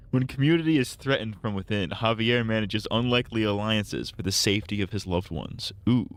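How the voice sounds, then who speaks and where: A man's voice: lowish voice, moderate pace, dry recording. A man casually commenting on a story game during a live stream, crude and joking, laughing often.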